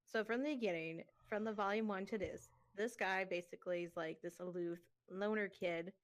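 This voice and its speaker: A woman's voice: mid-range voice, steady tone, normal speed. A young woman in casual chat as a co-host, chatty and giggly, full of fillers.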